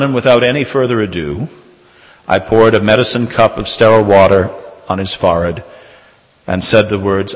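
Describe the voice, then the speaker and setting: A man, a Catholic priest, preaching a sermon and telling a personal story in a measured way, slowing down for emphasis. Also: fairly low pitch. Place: church. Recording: reverberant church hall.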